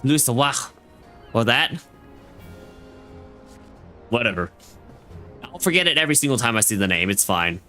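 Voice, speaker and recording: A man's voice: medium pitch, big pitch swings, normal speed, pauses often, bright, forceful tone, faint music behind. A man streaming a game, casually joking and bantering with the characters on screen.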